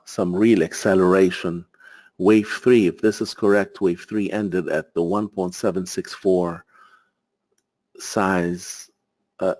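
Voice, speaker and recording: Male market analyst, deep and unhurried, rambling through live viewer questions. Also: a little mellow. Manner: rambling, searches for words, answers viewer questions. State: tired, out of breath.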